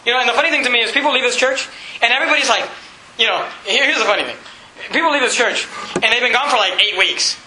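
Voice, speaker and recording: A man's voice: extremely high pitch, quick pace, reverberant, background noise. A male pastor in his thirties preaching a sermon, acting out the characters of a Bible story. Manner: animated, acts out Bible characters' voices. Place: church.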